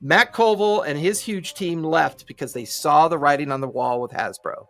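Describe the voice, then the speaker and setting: A man's voice: on the high side, normal speed, a crowd in the background. A man co-hosting a gaming podcast, giving strong opinions in a joking way and acting out little scenes. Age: adult parent. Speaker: podcast co-host. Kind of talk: casual opinionated chat.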